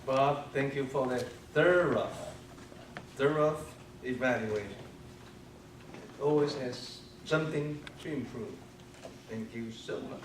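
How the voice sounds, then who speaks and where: A man running a meeting, thanking the last speaker slowly and deliberately. His voice is on the high side for a man. It sounds distant and echoey, with faint room noise.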